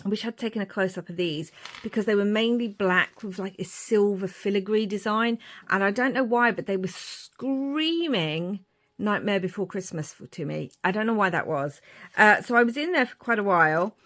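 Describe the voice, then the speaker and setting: A woman's voice: medium pitch, animated, moderate pace. A woman, chatting casually as she shows her crafting journal pages. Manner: chatty, rambling, warm asides. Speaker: crafting vlogger. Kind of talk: casual show-and-tell narration.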